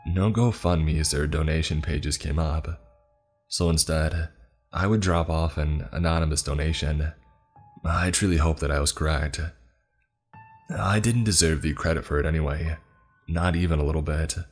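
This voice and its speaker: A man narrating a horror story in the first person, measured and somber. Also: rumbling low, breathy edge, faint music behind.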